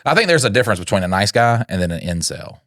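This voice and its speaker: A man's voice: lowish voice, big pitch swings, fast talker, a bit bright, no room sound, studio quality. A man co-hosting a comedy podcast, joking crudely and slipping into silly put-on accents. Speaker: podcast co-host.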